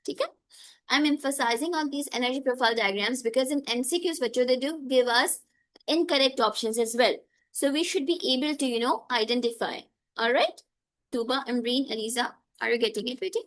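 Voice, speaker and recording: A woman's voice: high-pitched, fairly bright tone. Woman teaching chemistry. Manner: checks in often with "okay?" and students' names. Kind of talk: live online class teaching.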